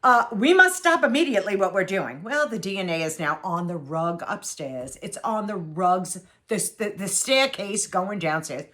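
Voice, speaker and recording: This woman in her sixties speaks in an animated, pushed, bright mid-range voice at a moderate pace, barely pausing. As a vlogger, she casually recounts a home story to camera, chatty and sarcastic and repeating phrases for effect.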